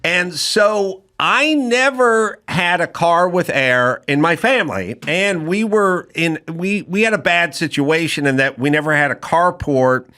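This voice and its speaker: A man's voice: on the high side, lively intonation, a little slow, hardly any pauses, sharp tone. A man from the San Fernando Valley hosting a casual podcast chat, telling stories in a laid-back way and laughing easily. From San Fernando Valley, California. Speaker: podcast host.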